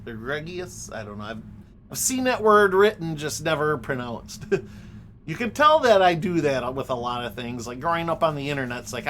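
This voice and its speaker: A man's voice: mid-range voice, a bit bright, slight background noise. A young man livestreaming a game from his home office, ranting, swearing and laughing as he chats with viewers. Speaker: streamer. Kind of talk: casual gaming livestream chat.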